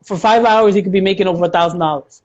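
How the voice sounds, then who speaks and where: A woman's voice: mid-range voice, fast, muffled recording. A woman guest, an accountant, explaining money matters in a chatty way with examples and frequent fillers. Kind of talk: casual interview chat.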